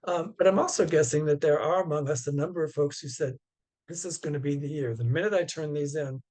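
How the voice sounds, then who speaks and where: Speaking over a video call, a Zen teacher delivers a dharma talk in a voice on the high side. His manner is gentle and unhurried, broken often by pauses and filler words.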